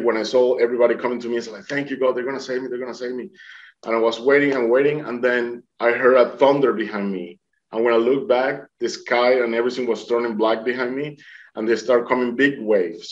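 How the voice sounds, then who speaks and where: Earnest man telling his story, lo-fi. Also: medium pitch. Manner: earnest storytelling, acting out quoted voices. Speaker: interview guest. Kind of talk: personal testimony.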